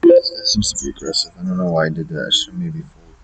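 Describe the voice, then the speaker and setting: A man's voice: extremely low pitch, steady tone, quick pace, gravelly, a bit bright, rough recording. A man thinking aloud through his online poker hands, muttering his reads and swearing in exasperation at opponents' plays. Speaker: online poker player streaming his session. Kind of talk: casual thinking-aloud game commentary.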